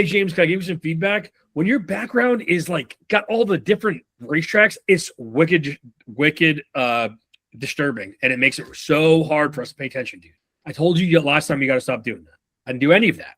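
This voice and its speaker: A man's voice: medium pitch, no room sound. A man runs a leadership training session, talking loosely and with plenty of swearing. He acts out the feedback lines he wants his students to use. His mid-range voice is recorded close and dry. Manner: animated, profane, acts out examples. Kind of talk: casual training session talk.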